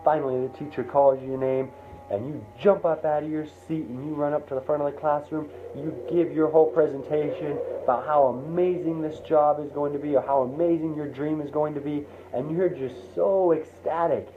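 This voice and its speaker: Animated man telling a motivational story. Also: fairly high pitch, normal speed. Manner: animated, acts out scenes. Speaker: motivational speaker. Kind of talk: second-person motivational storytelling. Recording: tinny phone-like sound, faint noise.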